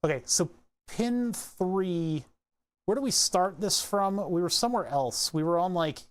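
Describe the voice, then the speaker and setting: Unhurried streamer thinking aloud. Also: medium pitch. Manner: muttering to self, frequent self-corrections; unhurried, trailing off mid-sentence. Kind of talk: relaxed think-aloud livestream narration.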